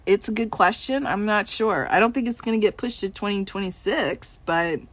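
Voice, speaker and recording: A woman's voice: mid-range voice, dry recording. Giggly woman lawyer live-streaming Q&A. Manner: giggly, reads out chat questions and answers them. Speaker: attorney answering viewer questions.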